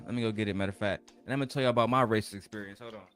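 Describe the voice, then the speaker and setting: A man telling a rough personal story in a casual, profane rant, animated and full of streetwise slang. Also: fairly low pitch, rapid-fire, few pauses, soft background music.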